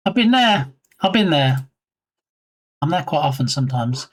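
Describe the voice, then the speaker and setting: A man's voice: a little high, very animated, slow pace, pauses often, breathy edge. A man streaming live and chatting casually with his viewers in a playful, teasing way. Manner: playful, jokey, teasing chat.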